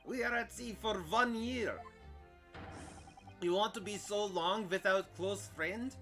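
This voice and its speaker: A man's voice: high-pitched, slow. A brash, doting circus woman, put on by a man, dropping her articles and hammering each word. Game music plays under the voice. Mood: emphatic. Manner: broken English, dropping articles, loud and emphatic. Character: bold Russian circus woman, doting snake owner.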